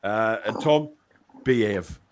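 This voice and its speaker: A man's voice: fairly low pitch, slow, a little hiss or hum. A man hosting a casual online chat show, rambling and joking as he reads out viewer comments. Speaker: show host.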